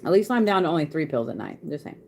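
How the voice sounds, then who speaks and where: A woman's voice: deep voice, very animated, racing, creaky, darkish tone, slight background noise. A woman, chatting casually on a live stream as a card reader, laughing often and swearing freely.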